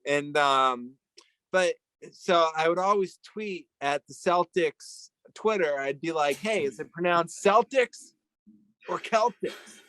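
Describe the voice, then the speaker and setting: Man, rambling, jokey, fumbles for words, fairly high voice, dry close mic. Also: measured pace, bright, forceful tone, clean tone, no echo, poor audio. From Italian heritage. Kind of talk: casual chat.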